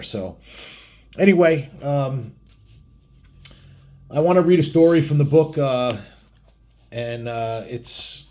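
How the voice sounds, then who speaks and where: A man's voice: mid-range voice, darkish tone. Laid-back, cussing biker man. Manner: loose and profane, keeps saying "man". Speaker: biker author telling stories. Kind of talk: casual vlog chat.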